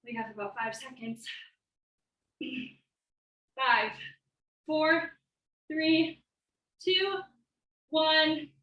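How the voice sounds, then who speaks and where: Heard from far away in an echoey space, a young woman fitness instructor speaks in a high voice, extremely slowly and with long pauses, the highs cut off. She runs a live class, a bit winded, offering upbeat cues and countdowns.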